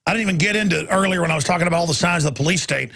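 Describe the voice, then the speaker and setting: A man's voice: a little high, very fast, bright, forceful tone. A man hosting a talk radio show, delivering an indignant, emphatic monologue. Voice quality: gravelly, raspy.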